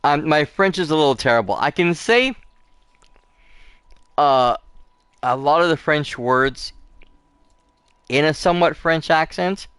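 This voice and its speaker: A man's voice: a little high, expressive, measured pace, long pauses, a bit bright, smooth, no room sound. A man hosting a casual let's play, chatting in a rambling way with lots of fillers and restarts. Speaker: gaming channel host.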